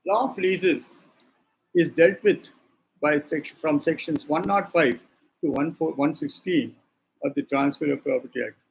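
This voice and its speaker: An older man with an Indian English accent giving a law lecture. He dictates points slowly, repeats them and answers his own questions. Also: a little high, creaky, husky, low-quality recording. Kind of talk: classroom lecture.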